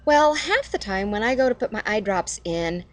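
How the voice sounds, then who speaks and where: A woman's voice: medium pitch, animated, moderate pace. A middle-aged woman hosting a casual devotional video, talking chattily to camera at home and laughing at herself.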